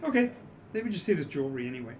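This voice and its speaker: A man's voice: fairly high pitch, sing-song, racing, a little mellow, slight background noise. A man running a tabletop game as game master, describing scenes in a rambling way with frequent fillers.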